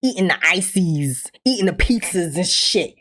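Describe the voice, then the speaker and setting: A woman hosting a casual gossip commentary show, talking in an animated, profane, chatty way. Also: lowish voice, unhurried. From New York. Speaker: host.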